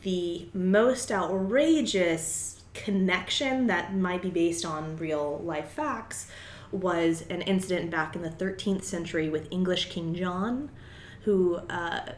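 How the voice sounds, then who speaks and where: Low-voiced woman, rambling explainer. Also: roomy sound, slight background noise. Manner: rambling explainer with many fillers. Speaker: podcast co-host. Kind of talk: casual chat.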